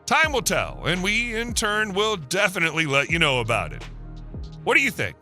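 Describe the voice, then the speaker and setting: A man reading a scripted documentary narration in a steady, explanatory way, posing rhetorical questions to the viewer. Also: sits high, normal speed. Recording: voice-over with faint music behind.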